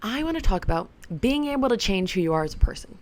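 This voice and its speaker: A woman vlogger talks playfully and casually to the camera about self-improvement, rambling and using "like" constantly. Her mid-range voice is a little mellow, very animated, and fast.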